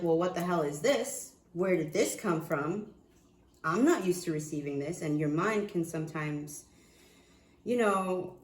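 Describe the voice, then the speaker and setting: A woman giving a casual tarot reading, excitable and profane, often restarting her sentences. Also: mid-range voice, roomy sound. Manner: excitable, swears, laughs, trails off and restarts. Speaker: tarot reader.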